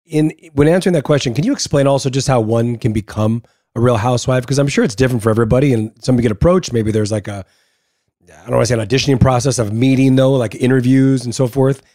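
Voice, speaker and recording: A man's voice: mid-range voice, warm tone, no room sound, clean studio sound. A man co-hosting a podcast, asking a long, rambling question. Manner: rambling, fast-talking question. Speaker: podcast co-host. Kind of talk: casual interview chat.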